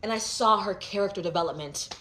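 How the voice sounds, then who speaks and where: A young adult woman telling a storytime vlog, animated and flowing, with lots of "like" fillers. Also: mid-range voice, slight background noise. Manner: animated, fast-flowing, heavy filler 'like'.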